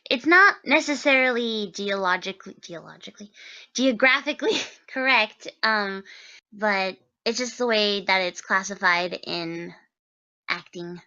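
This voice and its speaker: A woman's voice: mid-range voice, a little slow, sharp tone, dull audio. A woman voice actress chatting casually on a livestream, giggly and prone to stumbling over her words. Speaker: voice actress, co-host.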